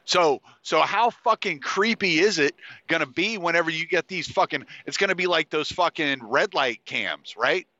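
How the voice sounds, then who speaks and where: A man's voice: fairly high pitch, pushed and bright, dry recording, muffled recording. A man hosting a podcast in a casual, rambling monologue, swearing freely and restarting his sentences, and congested. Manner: rambling, profane, with frequent fillers and restarts. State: congested, sniffly. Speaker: podcast host.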